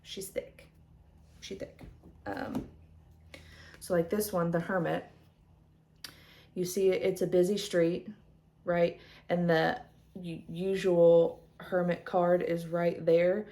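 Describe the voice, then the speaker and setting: A woman's voice: fairly low pitch, flat delivery, takes it slowly, pauses often, slight background noise. A woman vlogger chatting casually as she shows her tarot decks, rambling with lots of fillers. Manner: rambling, soft-spoken, many fillers.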